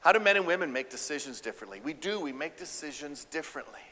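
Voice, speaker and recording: A man's voice: on the high side, quick pace, in a large hall. A man giving a humorous keynote talk, acting out quoted lines in a raised, playful voice. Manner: animated, acts out quotes with a raised voice. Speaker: keynote speaker.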